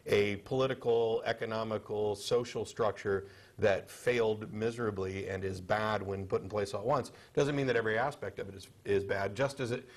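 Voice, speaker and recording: A man co-hosts a studio panel discussion on a cable TV show. He speaks in a low voice, measured and halting, with many fillers and restarts.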